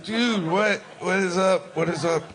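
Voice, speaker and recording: A man's voice: high voice, unhurried, crowd noise. A man doing a laid-back, baffled surfer-dude Abraham.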